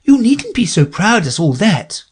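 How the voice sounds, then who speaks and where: A man's voice: high-pitched, big pitch swings, measured pace, slightly rough, pitched above the performer's own voice, exaggerated voice. A man voicing Alice as a polite, curious young girl in a storybook reading, with an earnest, questioning manner.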